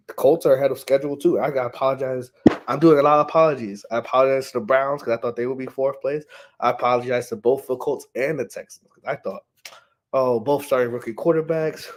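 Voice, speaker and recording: A man's voice: medium pitch, fairly quick. Easygoing, laughing man talking sports. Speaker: co-host. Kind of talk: casual sports chat.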